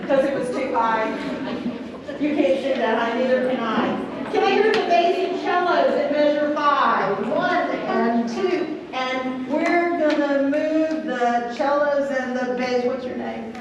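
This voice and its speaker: High-voiced woman coaching a youth orchestra. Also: slow pace, background noise. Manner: counts beats aloud, sings counts, quizzes students. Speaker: string orchestra clinician. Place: large convention rehearsal hall. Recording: echoey hall from far off.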